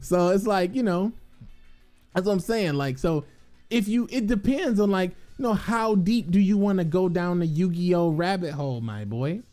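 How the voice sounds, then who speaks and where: A man's voice: high voice, moderate pace, faint music behind. A man, a gaming content creator, rambling casually to his viewers with lots of swearing, slang and laughter. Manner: profane, excitable, laughs often, streetwise slang.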